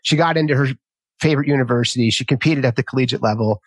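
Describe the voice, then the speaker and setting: A man in his fifties hosting a conversational interview, an animated storyteller. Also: mid-range voice, racing, no echo. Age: 50s. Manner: lively storyteller who acts out quotes in raised voices. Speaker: podcast host.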